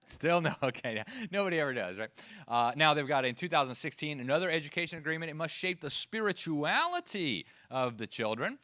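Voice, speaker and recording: A man giving a lively, sarcastic lecture to a live audience. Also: a little high, fairly quick, dry recording. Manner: sarcastic, animated, laughs at own asides. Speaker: speaker at education event.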